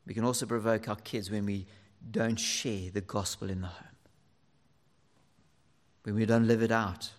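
A man preaching a sermon to fathers, earnest and lively, sometimes dropping almost to a whisper for emphasis. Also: fairly low pitch, normal speed, long pauses, long reverb tail.

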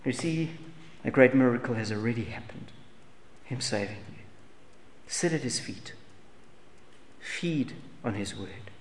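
An earnest male preacher of middle pitch presses repeated rhetorical questions on his listeners. He swings from loud emphasis to hushed lines. His voice carries a long hall reverb over a faint hiss. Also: animated, a little slow, pauses often. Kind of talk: sermon.

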